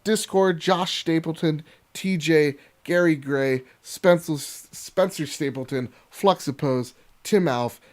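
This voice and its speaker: A man hosting a casual podcast over a video call, excitable and swearing as he rattles off thank-yous. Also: a little high, slow, hardly any pauses. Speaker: podcast host.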